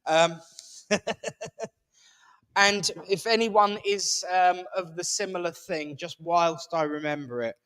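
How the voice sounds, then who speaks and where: A man's voice: high-pitched, measured pace, hardly any pauses, a bit bright, smooth. A man hosting a church service in a village hall, making jokey announcements and leading a closing prayer. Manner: chatty, self-mocking, playful. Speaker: service leader and host.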